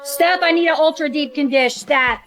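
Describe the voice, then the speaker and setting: A woman's voice: high voice, fairly quick, fairly bright tone, voice pushed up. A woman playing a brassy, gushing female hair salon stylist who calls everyone honey.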